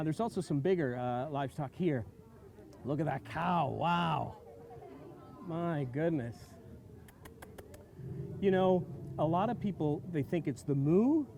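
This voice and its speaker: Man, upbeat live-stream host, animated pitch, mellow tone, chatty, outdoors on a farm. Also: normal speed, long pauses. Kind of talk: live-streamed casual chat.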